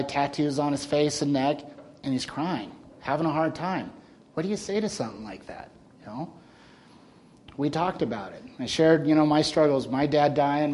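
A man's voice: a little high, darkish tone. Earnest casual man giving a church talk. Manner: casual, earnest, emotional, addresses the young men directly.

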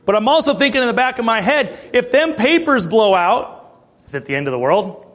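A man in his late thirties delivers a sermon in a high, bright-edged voice that leaps up and drops low. He sounds earnest and conversational, breaking into asides and rhetorical questions. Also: sing-song, a little fast. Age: 30s. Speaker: preacher.

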